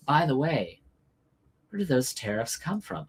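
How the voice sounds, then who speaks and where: A man's voice: fairly high pitch, a little slow, pauses often, slightly rough. A man hosting a political livestream, ranting sarcastically with heavy swearing and mock outrage. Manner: sarcastic, swearing, animated rants. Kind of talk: profane political commentary.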